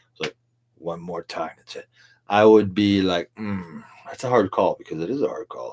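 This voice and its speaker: A man's voice: sits low, a little mellow. A middle-aged man hosting a livestream, a tipsy, rambling and profane monologue with frequent laughter. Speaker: livestream host.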